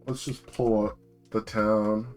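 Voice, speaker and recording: A man's voice: lowish voice, level tone, slow pace, soft background music. Slangy rambling young guy streaming. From New Jersey. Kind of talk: casual live-stream chat.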